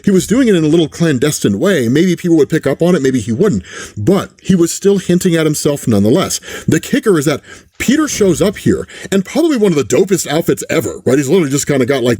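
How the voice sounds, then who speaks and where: A man casually retelling and reviewing a comic book, animated and often checking in with the listener. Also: on the high side, fast, slightly rough, no echo, clean studio sound. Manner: animated, keeps asking "right?". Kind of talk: casual commentary.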